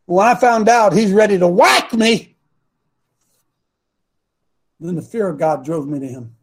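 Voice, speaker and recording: A man hosting a talk show as a coach, preaching with passion and at times shouting. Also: sits high, a little slow. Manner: impassioned, swings to shouting. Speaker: host and coach.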